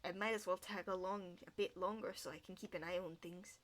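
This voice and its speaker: A woman's voice: on the low side, steady tone, a little fast, lightly acted. A woman voicing a wary young woman knight. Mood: brooding. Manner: quiet, brooding inner monologue. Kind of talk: reading a story game aloud.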